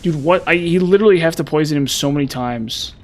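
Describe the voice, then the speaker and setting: A man's voice: on the high side, fast, slight background noise. A young man streaming a video game, chatting with viewers in a frustrated, self-mocking way with sudden exasperated outbursts. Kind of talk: live gameplay commentary chatting with viewers.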